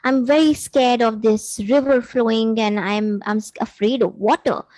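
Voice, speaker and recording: A frightened woman pleads to be carried across a river, as a woman storyteller puts her on. Her voice sits fairly high and tearful. The sound is dry and close. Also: fairly even intonation, moderate pace, darkish tone, dry recording, lightly acted. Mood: scared pleading.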